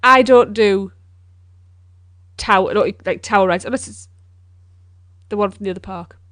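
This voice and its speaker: A woman's voice: medium pitch, normal speed, fairly bright tone, no room sound, clean studio sound. A woman co-hosting a theme-park podcast, chatting casually with giggles and playful sarcasm. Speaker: podcast co-host. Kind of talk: casual chat.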